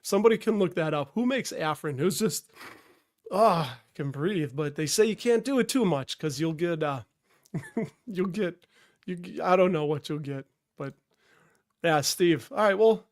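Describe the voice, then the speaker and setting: A man's voice: high voice, animated, normal speed. A middle-aged man with a head cold hosts a live stream in a casual, rambling way, often breaking off to greet people in the chat. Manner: rambling, self-interrupting, greets chatters. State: stuffed up from a cold.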